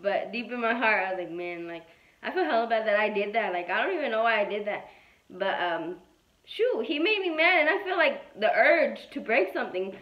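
A young woman chats to her viewers in a loose, rambling way, with plenty of fillers and swearing. Her voice sits a little high. The sound is muffled and lo-fi, with the echo of a bare room around her. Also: animated, brisk. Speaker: vlogger. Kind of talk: casual chat. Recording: echoey room, dull lo-fi sound.

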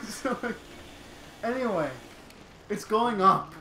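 A young man with an extremely high, very animated voice draws out his words as he tells a profane, laughter-packed story while playing a video game. He co-hosts a gaming channel, recorded in an echoey room with game music and background noise.

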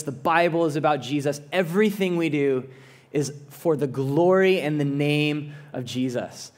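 A male pastor delivers a sermon in an earnest, conversational way, often doubling back on his words. His voice sits fairly high for a man. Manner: earnest, conversational preaching with frequent restarts.

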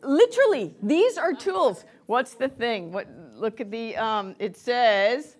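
A woman's voice: fairly high pitch, takes it slowly, hardly any pauses. Chatty woman leading a spiritual workshop. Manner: chatty, rambling, with many fillers and self-interruptions; laughs often, lively when she acts out quotes. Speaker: lecturer on empaths. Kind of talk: informal spiritual workshop talk. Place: room with a live audience.

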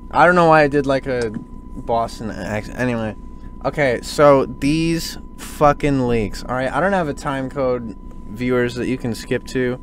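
A man hosting a casual podcast chat, animated and ranting, swearing freely. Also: mid-range voice, a little slow, slight background noise. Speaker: podcast host.

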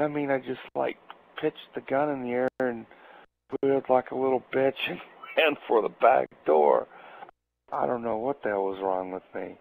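A man drawls through a cussing, laughing anecdote at an unhurried pace. His low voice is rough and gravelly. The audio is tinny and narrow, like it's coming over a phone. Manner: profane, laughs while telling. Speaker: storyteller. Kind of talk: casual anecdote.

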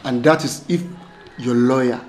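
A man's voice: medium pitch, steady tone, normal speed, roomy sound, close to an everyday voice. A man playing a stern police officer who speaks firmly and plainly.

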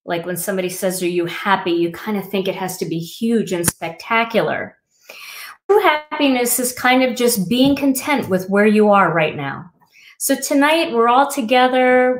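A middle-aged woman hosting a crafting livestream, talking casually and reflectively with many fillers. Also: fairly high pitch. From Wisconsin.

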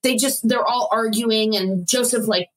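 A woman's voice: fairly high pitch, a little slow. A woman co-hosting a podcast, animatedly retelling an episode with laughs and acted-out quotes. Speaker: podcast co-host. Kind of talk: casual recap chat.

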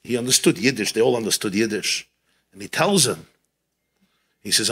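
A man who is a rabbi, telling a story at a gathering in a lively way and repeating key phrases for emphasis. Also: on the low side, normal speed, pauses often, husky. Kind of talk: animated storytelling talk at a gathering.

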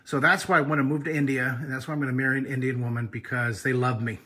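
A man who teaches drawing, chatting in an excitable, rambling way on a live stream, filmed on a handheld phone in a friend's house. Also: medium pitch, fast. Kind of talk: live-streamed casual chat. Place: living room of a friend's house. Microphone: handheld camera phone.

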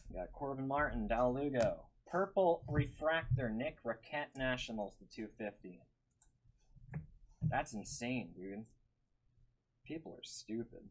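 A man's voice: mid-range voice, animated, a little slow, husky, poor audio. A man hosting a live-streamed card break, calling out each card and chatting with viewers by name.

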